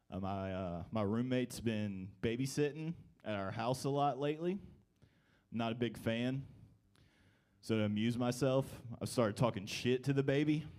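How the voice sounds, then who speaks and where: A young man doing a stand-up comedy set in a live comedy club, telling stories with wry deadpan delivery. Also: mid-range voice.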